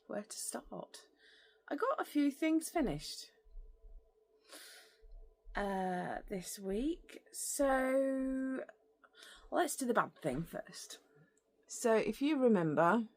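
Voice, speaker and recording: A woman hosting a crafting podcast, talking casually and rambling with many fillers. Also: medium pitch. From lives in France. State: out of breath. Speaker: podcast host. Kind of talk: casual chat.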